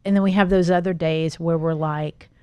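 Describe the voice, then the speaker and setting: A woman's voice: low voice, fairly even intonation, normal speed, warm tone, clear, resonant tone, no echo. A middle-aged woman hosting a podcast interview, chatty and telling stories with easy laughter. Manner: chatty, storytelling, laughs easily. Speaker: podcast host. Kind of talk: casual interview chat.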